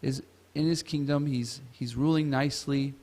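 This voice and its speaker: A man's voice: mid-range voice, fairly even intonation, normal speed, darkish tone. A man teaching a scripture class at a temple, retelling a story and asking the audience questions. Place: temple hall. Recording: reverberant temple hall.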